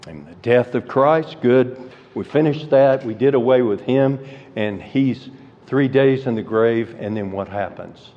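A man's voice: medium pitch, measured pace. A man preaching a sermon, teaching through Bible verses and asking rhetorical questions. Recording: dull lo-fi audio with hall reverb.

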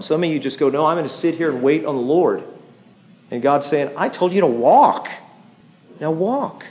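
A man's voice: mid-range voice, a little mellow. A middle-aged man preaching a sermon in a conversational way, with dry humor and frequent asides. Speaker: pastor. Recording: dull lo-fi sound.

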